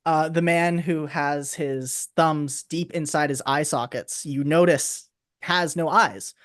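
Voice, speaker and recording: A man running a tabletop game as game master, narrating scenes in a relaxed, halting way with fillers. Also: fairly high pitch, no echo, studio quality.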